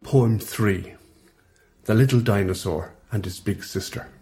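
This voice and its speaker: A man's voice: fairly low pitch, measured pace, warm tone. Irish man reading comic verse. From Ireland. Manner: rhythmic, playful recitation. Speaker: poet and priest.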